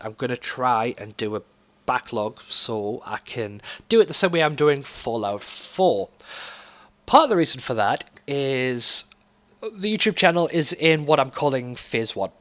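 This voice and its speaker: A man hosting his gaming channel, talking candidly in a casual vlog with many ums and pauses, a slight echo on his voice. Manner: candid, low-key. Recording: slight echo from recording software.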